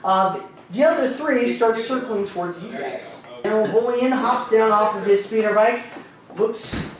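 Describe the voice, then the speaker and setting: A man's voice: sits high, moderate pace. A man narrating a tabletop game as game master, in a laid-back, rambling way. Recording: echoey room, mic far off.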